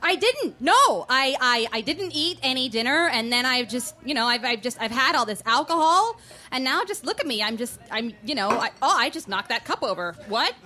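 A woman's voice: high voice, expressive, bright, forceful tone. A woman playing a stammering fake drunk. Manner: halting, stammering, overplayed slurring. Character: woman faking drunkenness to fit in. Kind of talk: live comedy sketch acting.

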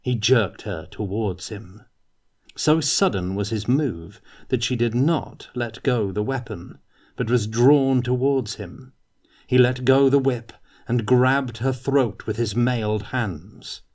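A man reading a fantasy novel aloud in a measured, dramatic way. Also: mid-range voice, darkish tone. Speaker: reader.

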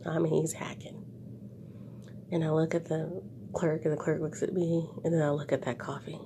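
A woman vlogger telling a story to her viewers in a casual, animated way, with wry asides, and ending on a moral lesson. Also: deep voice, a little fast, noisy background.

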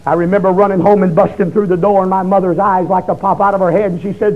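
A man, giving a fiery testimony sermon that swings into shouted, pleading bursts. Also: high voice, little pitch movement, quick pace, hardly any pauses, phone-quality sound.

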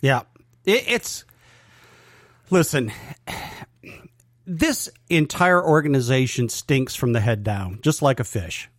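A man's voice: mid-range voice, expressive, slow pace, long pauses, no echo, clean studio sound. A male podcast co-host talking sports in an earnest, lecturing way.

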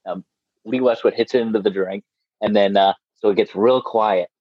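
A man's voice: on the low side, steady tone, moderate pace, no echo. A man co-hosting a casual podcast, joking in a self-deprecating way. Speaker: podcast co-host. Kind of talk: casual chat. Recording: dull lo-fi mic.

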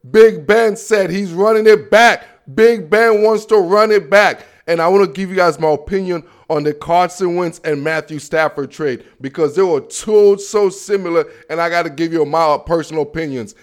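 A man hosting a solo football talk show, boastful and slangy, telling stories with animated asides. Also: high voice. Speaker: sports show host. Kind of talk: casual solo sports talk.

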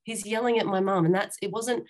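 Woman guest, frank rambling storyteller, mid-pitched, talks in loose run-on restarts. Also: fairly even intonation, brisk. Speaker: interview guest. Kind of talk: candid personal storytelling.

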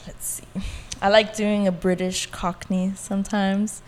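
A woman with a middle-pitched voice talks in an easygoing, filler-heavy way as a guest at a round table. A long reverb trails her words. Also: level tone, unhurried. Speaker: actor, guest. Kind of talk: casual round-table chat. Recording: long reverb of a large room.

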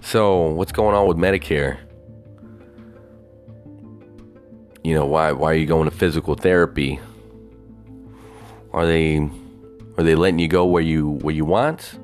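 A man's voice: a bass voice, steady tone, moderate pace, long pauses, soft background music. A man doing a bossy, scolding middle-aged daughter. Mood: curious. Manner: lecturing, scolding. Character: bossy fifty-year-old woman, quick to anger.

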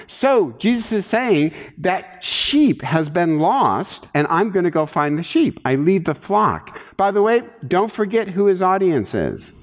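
A man's voice: sits high, a little slow, few pauses. A middle-aged male pastor preaching a sermon, acting out voices as he teaches. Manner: animated, acts out muttering voices. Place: church sanctuary. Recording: reverberant hall.

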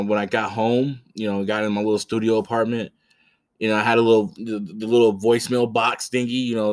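A man in his thirties hosting a podcast, telling a story casually with blunt, profane, rambling talk full of restarts. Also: on the low side. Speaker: podcast host.

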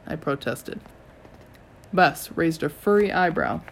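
A reader giving a steady, first-person audiobook narration. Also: medium pitch, normal speed.

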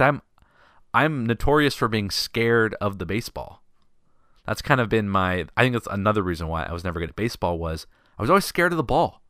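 A man hosting a podcast, telling a story in a casual, animated, self-deprecating way. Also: fairly low pitch, no room sound, clean studio sound. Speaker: podcast host.

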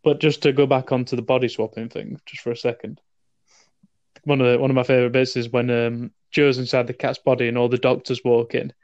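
Guy chatting about a film, stumbles and repeats himself, normal pitch, dry sound. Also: little pitch movement, a little mellow, dry recording, muffled recording. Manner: halting, repeats words, asks for agreement. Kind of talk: casual film chat.

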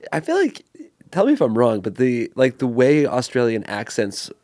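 Chatty man with lively intonation. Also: medium pitch, moderate pace, no echo. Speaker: podcast co-host. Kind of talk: casual chat.

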